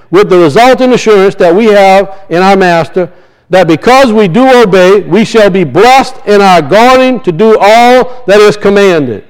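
A man's voice: sits high, low-quality recording. A man preaching a sermon, emphatic and repetitive, his voice rising and falling as he drives points home.

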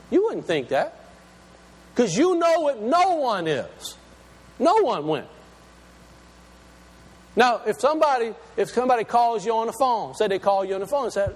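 Lively high-voiced preacher in a hall. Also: male voice, breathy edge. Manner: slows down to stress key words, asks the congregation questions. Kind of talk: sermon.

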